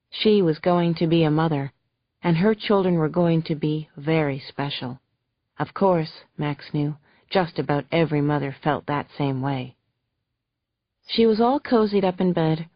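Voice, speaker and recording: Brief: woman narrator, lowish voice, gentle and emotional, dull lo-fi audio with faint music underneath. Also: dry recording. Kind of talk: scripted first-person audiobook narration.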